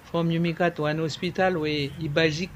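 A man, explaining things in an interview in a halting way, repeating words and slipping into French. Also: on the high side, steady tone, a little hiss or hum. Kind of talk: conversational explaining.

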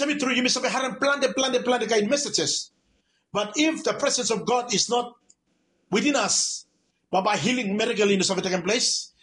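A man's voice: high voice, a bit bright, slight background noise. A man from Vanuatu with a Vanuatu accent preaching a radio sermon, emphatic and repetitive, stacking up his phrases.

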